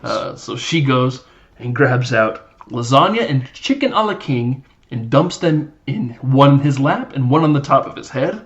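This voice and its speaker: A man's voice: mid-range voice, expressive, unhurried, lo-fi sound. A man hosting a podcast, casually recapping a film in a loose, chatty way with lots of fillers. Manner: loose and chatty, many fillers, laughs while acting out scenes. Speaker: podcast host.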